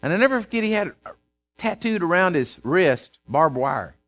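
A man's voice: high voice, very animated, normal speed, a bit bright, faint music behind. A man preaching a sermon, telling a story and building to emphatic, repeated phrases. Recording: dull lo-fi sound.

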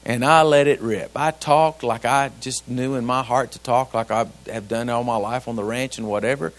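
A man's voice: medium pitch, fairly even intonation, normal speed. Folksy preacher man, conversational. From grew up on a ranch. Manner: folksy, conversational, with rhetorical questions to the congregation. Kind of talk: sermon.

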